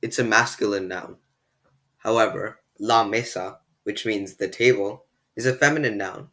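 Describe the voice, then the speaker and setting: A man giving a beginner language lesson, explaining step by step and slowing down to model pronunciation. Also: lowish voice, fairly bright tone. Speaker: language tutor.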